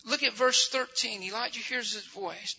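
A man preaching a fervent sermon, slowing down and repeating phrases for emphasis. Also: high-pitched, bright, forceful tone. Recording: dull lo-fi recording with faint noise.

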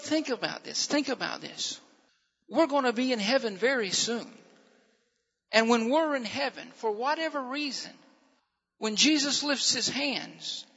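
A man preaching a sermon as a pastor, emphatic and repetitive, dropping at times to hushed tones, recorded in a church sanctuary. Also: very high voice, vocal fry. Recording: muffled sound with long reverb in a hall.

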